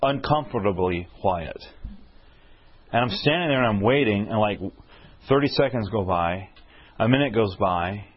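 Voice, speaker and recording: A man preaching a storytelling sermon, animated and often checking in with his listeners with questions. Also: on the low side, normal speed, long pauses, husky, lo-fi sound.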